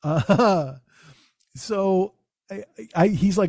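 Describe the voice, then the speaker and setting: A man's voice: fairly high pitch, animated, normal speed, pauses often, mellow, dry recording, studio quality. A man, a comedian hosting his own podcast, telling a rambling, profane story with many restarts. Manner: rambling, profane, self-interrupting. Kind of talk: casual comic storytelling.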